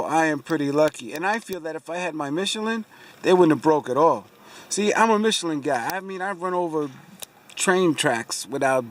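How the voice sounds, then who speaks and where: A man telling a long, rambling story about a car dealership mix-up in a casual vlog, sitting in a parked car and airing his frustration. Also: mid-range voice. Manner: rambling, repeats fillers like "so anyway"; aggrieved, venting frustration. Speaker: car vlogger.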